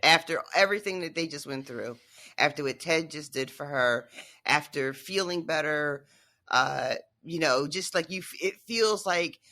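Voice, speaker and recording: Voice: medium pitch, normal speed, bright, forceful tone. A podcast co-host in casual chat about a TV episode, often chiming in with short agreements.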